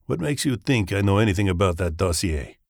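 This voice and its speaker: A man's voice: low-pitched, animated, brisk, creaky, no room sound, studio quality, full character voice. A man voicing a hostile middle-aged Russian ex-colonel in hiding, with a Russian accent, curt and menacing, in an audiobook. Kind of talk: audiobook character reading.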